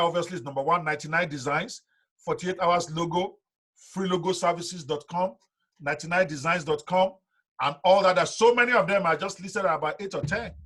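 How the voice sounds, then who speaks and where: A man's voice: fairly high pitch, fairly bright tone. A middle-aged man, giving a live training lecture to his students in an emphatic, direct way. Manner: emphatic, talks straight to students. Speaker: online business instructor.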